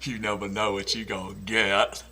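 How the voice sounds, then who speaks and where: A man doing an impression of a simple-hearted Southern movie character, speaking slowly and softly. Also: fairly low pitch, little pitch movement, pitched below the performer's own voice. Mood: earnest. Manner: slow, soft, drawling.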